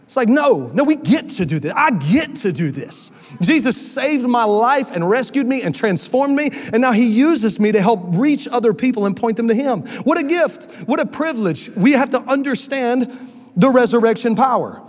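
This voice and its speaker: Energetic high-voiced preacher in a reverberant hall. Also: male voice, moderate pace. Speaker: pastor. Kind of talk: sermon. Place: church sanctuary.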